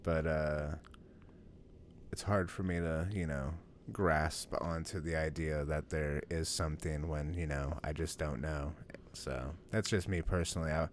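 A man's voice: extremely low pitch, steady tone, a little slow, a little hiss or hum. A man chatting casually as a podcast co-host, rambling loosely with plenty of fillers and swearing. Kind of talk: casual chat.

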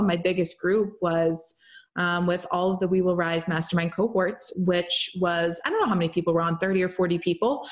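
A young woman hosting a show, telling a personal story in a loose, chatty way with lots of fillers and run-on sentences. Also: on the low side. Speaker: podcast host and healer. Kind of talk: casual storytelling monologue.

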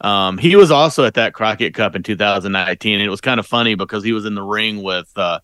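A podcast co-host rambles through casual chat with lots of restarts and fillers, talking fast in a fairly low voice that's pushed and bright, clear, and resonant. The studio sound is clean, with no echo.

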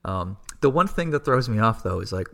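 A man with a lowish, gravelly voice chats on a podcast. He agrees readily and jumps in with his own enthusiastic opinions. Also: very animated, brisk, a bit bright. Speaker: podcast co-host. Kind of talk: casual chat.

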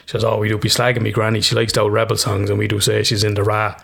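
A man's voice: fairly low pitch, monotone, very fast, vocal fry, fairly bright tone. An Irish man in casual chat as co-host, swearing freely and laughing often.

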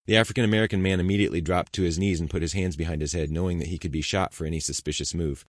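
Brief: very low male narrator, dry close studio read, measured pace. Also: steady tone, no room sound. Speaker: audiobook narrator. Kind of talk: scripted narration.

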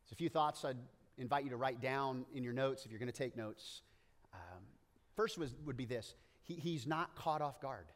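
A man preaching a sermon, joking and animated, with playful asides and frequent stammering restarts. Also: mid-range voice, moderate pace, long reverb tail. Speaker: pastor.

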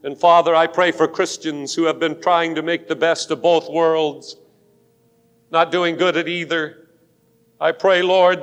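Man preaching an altar call, urgent and pleading, voice a bit high, big reverb in the sanctuary. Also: fairly even intonation, a little slow, a bit bright. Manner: pleading and urgent, rising to fervent force. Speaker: pastor. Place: large church sanctuary with a balcony. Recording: long hall reverb of a church.

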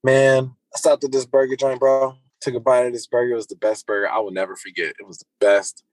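A laid-back man co-hosting a podcast, calling in on his phone while out and about. He swears freely and speaks at a mid pitch. The sound is dry with no room around it. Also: flat delivery, brisk, a little mellow, no echo, rough recording. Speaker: podcast co-host. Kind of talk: casual podcast chat.

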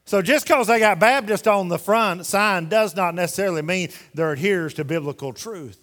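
A man's voice: high-pitched, lively intonation, a little fast, hardly any pauses, fairly bright tone. A man preaching a sermon in a church, folksy and emphatic, firing rhetorical questions at the congregation. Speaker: pastor. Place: church sanctuary. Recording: long hall reverb.

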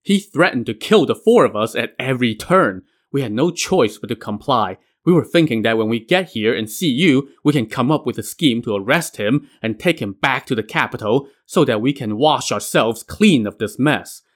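A man's voice: mid-range voice, expressive, normal speed, hardly any pauses, natural voice. A man voicing a loyal general who pleads and argues urgently, in a told story. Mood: pleading. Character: loyal, pleading male general, a sworn brother.

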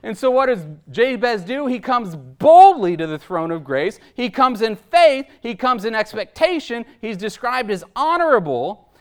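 High, smooth-voiced male preacher. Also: sing-song, unhurried. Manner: emphatic, rhetorical, tags points with "right?". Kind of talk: sermon.

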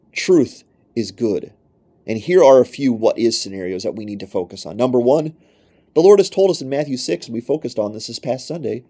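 A man's voice: mid-range voice, darkish tone. A man preaching a sermon emphatically, often repeating phrases to drive a point home. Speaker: pastor.

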